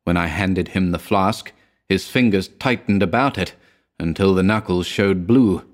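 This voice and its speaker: A man reading a horror story aloud in a measured, grave narrating manner. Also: deep voice. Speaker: reader.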